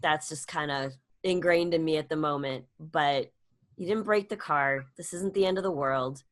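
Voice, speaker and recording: Animated middle-aged woman telling a story. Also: normal speed. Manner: animated storytelling, acts out quotes with sudden high pitch jumps. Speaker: guest, comedian and public speaker. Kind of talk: casual storytelling interview.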